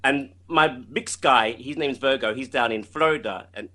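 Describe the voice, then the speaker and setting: A male singer being interviewed, talking in a casual, animated way with frequent restarts. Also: medium pitch, normal speed. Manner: animated, many restarts and laughs.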